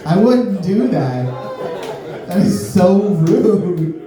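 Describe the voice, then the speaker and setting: A man from Miami doing a stand-up comedy set, deadpan, breaking into sudden high-pitched voices when he acts out quotes. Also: very slow, over music. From Miami, USA. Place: comedy club stage. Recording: roomy club sound from a distance. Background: audience laughter.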